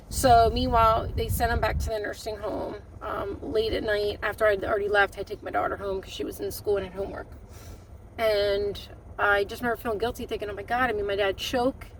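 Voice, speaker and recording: A middle-aged woman vlogging, recounting a painful family story with emotion, halting and often restarting her sentences. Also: medium pitch, far from the mic, slight background noise, poor audio. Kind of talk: personal storytelling to camera.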